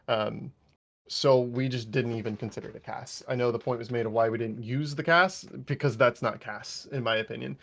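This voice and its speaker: A man gives a harsh after-action debrief to his gaming unit over voice chat. He speaks bluntly, swears often and warns of discipline. His pitch sits in the middle of the range. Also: creaky. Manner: blunt, angry scolding with swearing.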